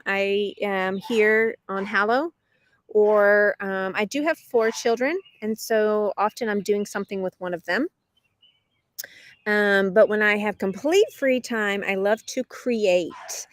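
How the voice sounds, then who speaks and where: Brief: middle-aged woman, English teacher on a live stream, unhurried, laughs between chat replies, dogs barking nearby. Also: medium pitch, no room sound. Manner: chatty, reads viewer comments aloud and answers them; laughs often between remarks.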